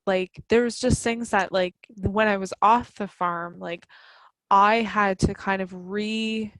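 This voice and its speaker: A woman's voice: medium pitch, steady tone, slow pace, a bit bright, no room sound, poor audio. A woman in her thirties co-hosting a podcast, talking casually and filling her speech with "like". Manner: chatty, peppered with "like". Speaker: podcast co-host. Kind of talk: casual chat.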